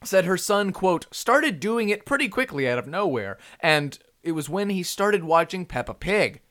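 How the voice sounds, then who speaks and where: A man co-hosting a laid-back comedy news show. He reads odd stories aloud and keeps breaking into jokes and laughter. His pitch rises and falls constantly. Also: sing-song, moderate pace, fairly bright tone. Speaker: podcast co-host. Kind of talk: casual comedic news chat.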